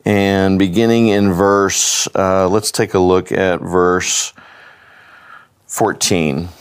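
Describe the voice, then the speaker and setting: A middle-aged man preaching a sermon in a lowish voice. He reads scripture at a slow, careful pace, then explains it plainly. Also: steady tone, clear, resonant tone. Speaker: pastor.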